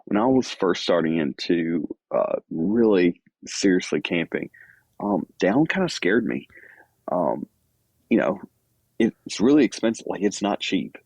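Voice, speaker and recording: A man's voice: low voice, sing-song, measured pace, vocal fry, a little mellow, slightly rough, no room sound. A man guest on a podcast, talking casually with lots of fillers and self-deprecating asides. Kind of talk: casual chat.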